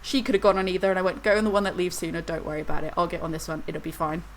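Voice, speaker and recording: A woman's voice: lowish voice, little pitch movement, racing, slight background noise, low-quality recording. A woman, co-hosting a podcast and telling a rambling story in casual chat. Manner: rambling storyteller, laughs through anecdotes. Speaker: podcast co-host.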